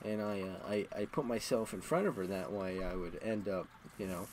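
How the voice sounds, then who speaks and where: Low-voiced man telling crude stories. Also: moderate pace, a little mellow, slight background noise, poor audio. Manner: crude, self-mocking and rambling. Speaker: streamer. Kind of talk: casual storytelling while gaming.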